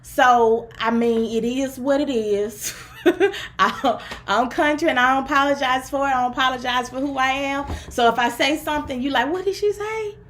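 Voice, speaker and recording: A woman's voice: high voice, fairly even intonation, moderate pace, a bit bright, slight background noise. A woman from the Southern US with a country twang, a therapist and relationship coach chatting to viewers on a livestream. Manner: chatty, upbeat, talks straight to viewers. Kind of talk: casual livestream talk.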